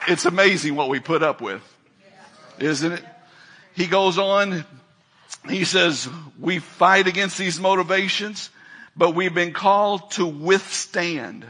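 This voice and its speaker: An older man delivers a sermon as pastor. His voice sits high and bright, with a husky edge. He drives some phrases out forcefully and lets others fall to near-hushed asides. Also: slow. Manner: emphatic preaching, swings from loud calls to quiet asides.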